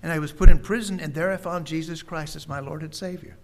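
A man voicing a young man, a reformed former thief, speaking earnestly and plainly, a little higher than his own voice. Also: steady tone, fast, natural voice.

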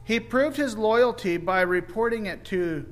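A man's voice: sits high, lively intonation, a little slow, fairly bright tone, a little hiss or hum. A man retelling a Bible story in a folksy, informal way, often acting out the characters' voices.

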